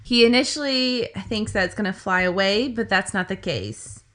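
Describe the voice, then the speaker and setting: A woman's voice: medium pitch, moderate pace, a bit bright. A woman co-hosting a podcast, retelling a story in a chatty, casual way with lots of "like" fillers. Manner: chatty, filler-heavy retelling with acted quotes. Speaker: podcast co-host.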